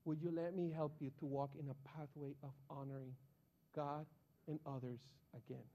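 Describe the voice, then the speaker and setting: A man doing a soft-spoken gentle pastor. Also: on the high side, little pitch movement, moderate pace, pitched below the performer's own voice. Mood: gentle, grave. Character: gentle, calm male pastor giving counsel.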